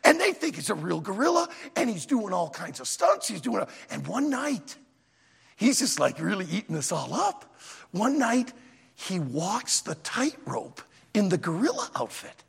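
A man preaching a sermon in a church auditorium, an animated, emphatic storyteller, with long hall reverb. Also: high voice, measured pace, vocal fry, breathy edge. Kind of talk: sermon with a told joke.

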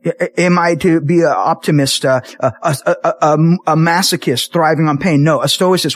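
With a fairly high, breathy-edged voice at normal speed and few pauses, a pastor delivers a sermon in a church sanctuary. His storytelling is animated and jokey, full of restarts.

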